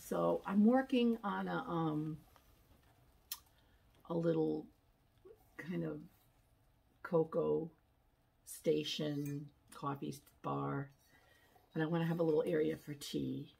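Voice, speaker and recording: A woman's voice: deep voice, fairly even intonation, slow pace, gravelly, long pauses, warm tone, husky, low-quality recording. A woman vlogger chatting casually while unboxing thrift packages, rambling and restarting her thoughts.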